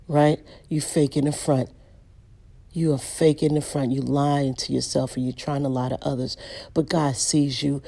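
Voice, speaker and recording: A woman preaching in a blunt, direct way, repeating key lines and slowing down to drive her points home. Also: deep voice, vocal fry, dark tone. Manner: direct, emphatic, repeats lines and slows down for stress. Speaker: online preacher.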